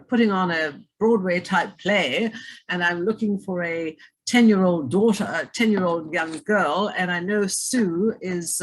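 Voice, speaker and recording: A woman from South Africa with a fairly low voice speaks as a guest at an online event. She thanks her hosts effusively and tells her story in a rambling, gracious way. She is heard through a computer mic on a video call. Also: a bit bright, slightly rough, poor audio. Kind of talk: storytelling in a presentation.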